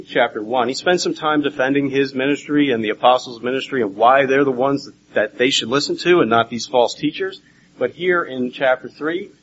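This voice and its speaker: A man preaching a Bible teaching sermon, animated and swinging between loud and hushed. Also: medium pitch, a little hiss or hum. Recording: dull lo-fi recording with faint ambience.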